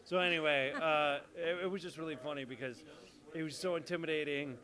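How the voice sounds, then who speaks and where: A man, a soap opera actor, telling a casual anecdote and acting out the loud quotes. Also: on the high side, fairly quick. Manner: animated storytelling, acts out quotes loudly.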